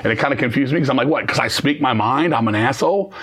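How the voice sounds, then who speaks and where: In this interview, the guest is a middle-aged man who plays metal, speaking in a husky, mid-range voice. His storytelling chat is fast, foul-mouthed, and blunt, and he animates it by imitating the voices of the people he quotes.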